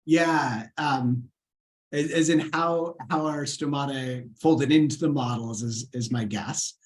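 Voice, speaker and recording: A man's voice: mid-range voice, slow. A man, a scientist, giving an earnest lecture over a video call webinar and answering questions, with frequent fillers and restarts.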